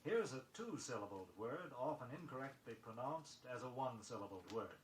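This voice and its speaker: A man reading a scripted pronunciation lesson, measured and precise, spelling words letter by letter on an old record. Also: mid-range voice, very animated. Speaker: vocabulary record instructor. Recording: echoey vintage vinyl recording with faint noise.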